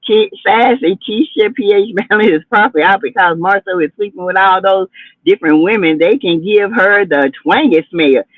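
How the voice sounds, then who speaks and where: A woman's voice: mid-range voice, moderate pace, no echo. Sassy woman gossiping on a livestream. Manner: sassy, chatty, dramatic asides. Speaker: livestream host. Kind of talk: casual gossip commentary livestream. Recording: tinny phone-like audio.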